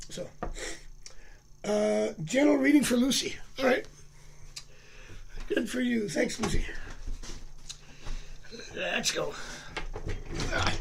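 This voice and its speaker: Gravelly high-voiced man reading tarot. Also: fairly bright tone, a little hiss or hum. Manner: chatty, rambling, jokey. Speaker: tarot reader. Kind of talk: casual live-stream reading. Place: home.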